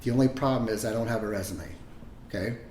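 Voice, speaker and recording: A man co-hosting a podcast in casual chat, telling rambling, profane, animated stories. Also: on the low side, quick pace, a little hiss or hum. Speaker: podcast co-host. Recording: roomy echo.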